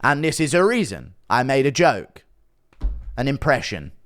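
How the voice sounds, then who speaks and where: A man's voice: mid-range voice, sing-song, moderate pace, fairly bright tone, faint music behind. A man ranting casually as an online commentator, defensive and sarcastic, swearing often. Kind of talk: casual rant to camera.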